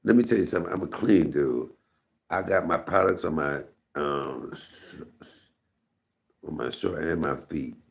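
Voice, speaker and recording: A man's voice: a bass voice, moderate pace, vocal fry, long pauses. A middle-aged man hosting a live stream, telling rambling, candid stories and talking to his chat. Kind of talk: casual storytelling to viewers.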